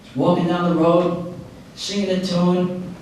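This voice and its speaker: A high-pitched man gives a motivational talk and tells a story with lively acted-out characters. He is recorded from far off in a very echoey hall, so his voice sounds distant. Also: unhurried, a little hiss or hum. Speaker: motivational speaker. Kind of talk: live presentation with storytelling. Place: public library meeting room before an audience.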